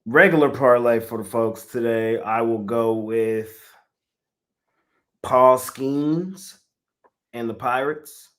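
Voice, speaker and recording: A man's voice: medium pitch, slow pace, pauses often, fairly bright tone. A man co-hosting a casual sports betting show, laying out his picks with slangy, laid-back banter.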